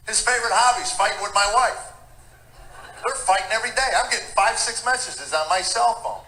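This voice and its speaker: A man in his fifties doing folksy, animated stand-up comedy about his family. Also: sits high, brisk. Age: 50s. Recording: roomy noisy live stand-up recording.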